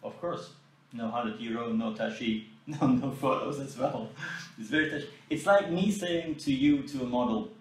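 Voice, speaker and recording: A man's voice: mid-range voice, normal speed. Indignant man in an echoey room. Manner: animated, indignant, mimics quoted exchanges. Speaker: photographer and podcast host. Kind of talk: casual podcast storytelling. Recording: echoey room, mic at a distance.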